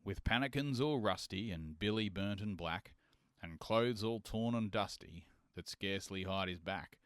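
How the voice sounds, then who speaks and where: A man's voice: sits low, fairly bright tone, smooth, no echo. Brief: male reciter, rhythmic verse, resonant, dry recording. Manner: measured, rhythmic reading. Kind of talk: poetry recitation.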